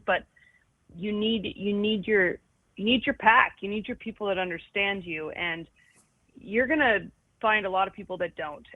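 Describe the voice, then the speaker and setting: A woman's voice: medium pitch, no echo. A woman talking frankly and with self-mocking humour as a guest, often restarting her sentences. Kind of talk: candid conversation about anxiety. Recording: tinny phone-like line, dry.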